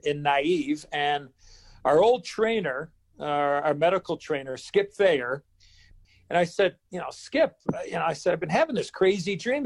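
A man in his fifties, a former hockey player, telling a story in an interview and acting out the dialogue. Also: a little high. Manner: animated storyteller who acts out dialogue.

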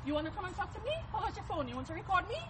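A woman's voice: very high voice, animated, very fast, fairly bright tone. A woman in a heated sidewalk argument, insistent and repeating herself, filmed on a phone outdoors. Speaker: mother in a street dispute. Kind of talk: heated confrontation. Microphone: phone camera. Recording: distant phone video with street noise.

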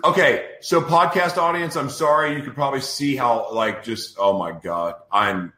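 A man's voice: mid-range voice, normal speed, pushed and bright, roomy sound. A man hosting a podcast in a casual live-stream chat, exasperated and ranting over technical trouble. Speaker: podcast host.

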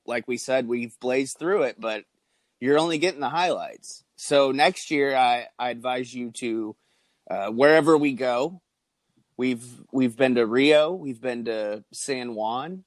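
A man co-hosting a podcast, chatting in a low-key, rambling way with frequent restarts. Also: measured pace, dry recording. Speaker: podcast co-host. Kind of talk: casual chat.

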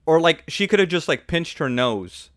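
A man's voice: fairly high pitch, expressive, moderate pace, fairly bright tone, dry recording, clean studio sound. A man hosting a podcast, giving an opinionated, sarcastic movie review in casual chat and laughing often. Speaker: podcast host.

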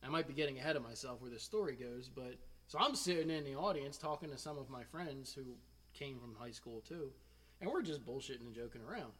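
A man's voice: medium pitch, fairly quick, slightly rough, long reverb tail. A man from Pennsylvania hosting a podcast, telling a story casually and laughing often. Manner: animated, laughs often, acts out quoted dialogue. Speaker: podcast host.

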